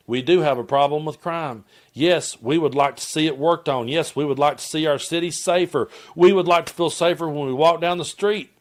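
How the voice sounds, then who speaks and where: A man with a Southern accent delivers heated political commentary straight to his viewers. His voice sits a bit high for a man, and he presses his points with blunt conviction. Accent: Southern American. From Tennessee. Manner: impassioned, addresses viewers as folks.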